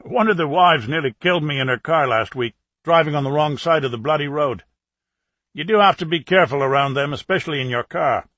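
Chatty middle-aged plumber and ex-soldier, gossipy pub talk, raised pitch, husky edge, read by a male audiobook narrator. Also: brisk, fairly bright tone, no room sound. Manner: gossipy, talkative.

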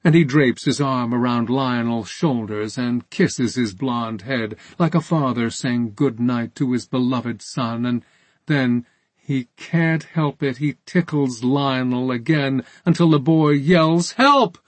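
Slow, husky male storyteller. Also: mid-range voice, no room sound. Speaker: audiobook narrator. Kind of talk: scripted narration.

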